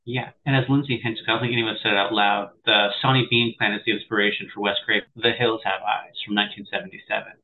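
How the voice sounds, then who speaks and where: A man's voice: fairly low pitch, steady tone, fast, hardly any pauses. A man co-hosting a podcast, chatty and enthusiastic, running through history notes with light humor. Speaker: podcast co-host. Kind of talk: casual podcast chat and reading history notes. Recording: thin phone-like sound with faint noise.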